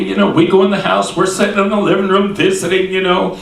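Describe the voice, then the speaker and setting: High-voiced folksy preacher telling a story. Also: male voice, flat delivery, quick pace, creaky. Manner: folksy, repeats "he said" while acting out quoted voices. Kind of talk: sermon storytelling. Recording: echoey room, distant mic.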